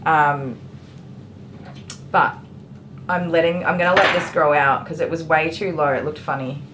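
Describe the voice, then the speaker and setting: In a grooming salon, a female dog groomer chats on a livestream and replies to viewers by name. Her voice sits low and steady, she speaks a bit slowly, and there's background noise.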